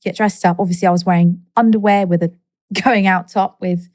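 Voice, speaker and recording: A woman's voice: fairly low pitch, fairly quick, no room sound, studio quality. A woman in her thirties, a guest in an interview, telling her story candidly and acting out the people she quotes. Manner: animated, quirky, acts out quoted people.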